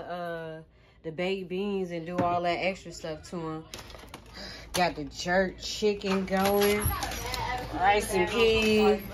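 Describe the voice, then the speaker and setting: A woman's voice: medium pitch, noisy background. A woman vlogging casually to her viewers from a busy family holiday cookout, chatting as she films on her phone. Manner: chatty, keeps calling out to viewers. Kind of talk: casual vlog chat to viewers. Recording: crowd chatter behind.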